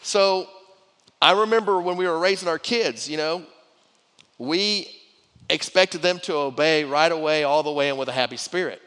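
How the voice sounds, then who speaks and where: A man's voice: on the high side, normal speed, fairly bright tone, smooth. A middle-aged man preaching a sermon to his church in a conversational way, repeating words and restarting phrases as he goes. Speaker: pastor. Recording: long hall reverb.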